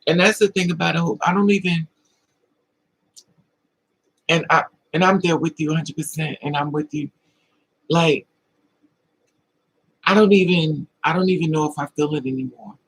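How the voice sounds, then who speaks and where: This livestream host has a fairly high, fairly bright, slightly rough voice with vocal fry, a normal pace, and long pauses, captured on a rough recording. In casual talk he shares personal stories with emotion and answers chat comments confidingly.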